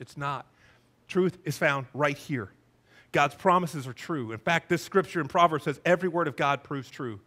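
A man's voice: sits high, a bit bright. A male pastor giving a sermon with emphatic, passionate preaching.

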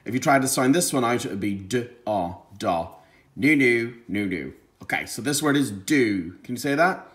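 A man teaching a phonics lesson to young children, encouraging them and sounding out words clearly. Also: medium pitch, expressive, normal speed, fairly bright tone.

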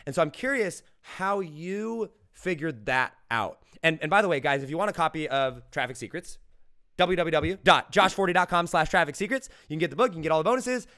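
A young man hosting a podcast interview, telling stories in an excitable, animated way. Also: a little high. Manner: excitable, storytelling, quick and animated. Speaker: podcast host. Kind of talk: casual interview chat.

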